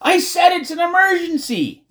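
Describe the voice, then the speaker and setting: A man's voice: mid-range voice, very animated, normal speed, pitched above the performer's own voice, lightly acted. A man voicing a desperate, determined young girl who talks urgently and insistently in an audiobook. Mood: frantic. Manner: urgent, insistent, often shouting. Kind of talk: audiobook character voice.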